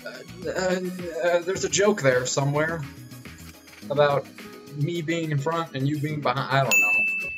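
A man's voice: fairly high pitch, unhurried. A man giving jokey, crude live commentary while streaming a video game. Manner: jokey, crude, animated reactions. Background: game music.

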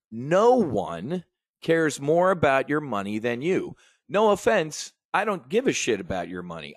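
A man's voice: medium pitch, no room sound. Brash, swaggering man telling trading stories. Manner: brash, swaggering storytelling with profanity; talks straight to the audience. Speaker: trading educator and host. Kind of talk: animated sales pitch monologue.

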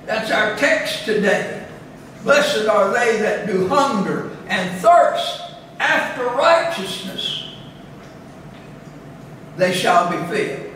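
A high-pitched man delivers a sermon at a slow, measured pace, leaning into scripture quotations with rising emphasis. He sounds distant from the mic, his voice ringing through a very echoey chapel with faint room noise behind. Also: lively intonation, pushed and bright. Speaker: pastor. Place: church chapel.

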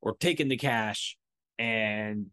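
A man hosting his own podcast, telling a story in a casual, animated and profane way, acting out what people said. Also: lowish voice, slow, smooth, no echo, clean studio sound. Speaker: podcast host.

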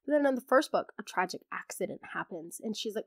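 A young woman hosting a podcast, chatting excitedly about books in a casual, gushing way, her voice hoarse from laryngitis. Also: medium pitch, a little fast, dry recording, studio quality. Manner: gushing, animated, acts out characters in quotes. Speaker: podcast host. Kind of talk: casual book chat.

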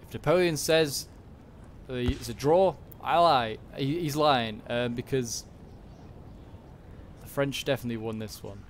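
A man talks through a replay of a strategy game battle in a loose, unscripted way. He hesitates often, corrects himself mid-sentence, and fills gaps with ums and likes. His voice sits at an ordinary middle pitch for a man. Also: a little slow, pauses often, slight background noise. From Britain. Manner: rambling, hesitant, many fillers and self-corrections. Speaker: gaming channel host. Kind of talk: casual gameplay commentary.

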